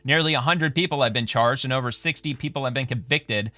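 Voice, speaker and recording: A man's voice: medium pitch, fairly quick, pushed and bright, no room sound. A man hosting a casual political commentary show, reading posts aloud and then remarking on them in a conversational way.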